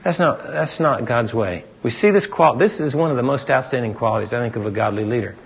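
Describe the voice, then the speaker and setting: In a dull, lo-fi sermon recording, a middle-aged pastor speaks a little fast with an animated, husky mid-range voice and vocal fry. His preaching is conversational, full of rhetorical questions and acted-out quotes from people.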